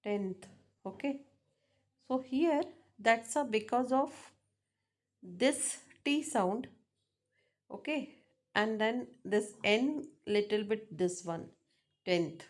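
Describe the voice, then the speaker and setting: A woman teaches a phonetics lesson, speaking very slowly. She breaks off often and repeats each example word several times. Her voice sits a little higher than most. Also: a little mellow. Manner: slow, halting, repeats example words many times. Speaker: English teacher.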